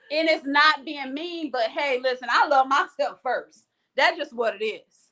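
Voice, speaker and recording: A woman hosts a casual livestream in a fairly high voice. She speaks frankly and with energy, right to her viewers, and reads out their comments as she goes. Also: measured pace. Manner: frank, animated, talks straight to the viewers. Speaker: host of a live chat show.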